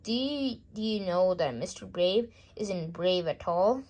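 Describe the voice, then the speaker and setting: A woman reading aloud voices a mischievous little girl troublemaker who taunts loudly. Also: fairly low pitch, expressive, measured pace. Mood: gleeful. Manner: loud, taunting storybook voice.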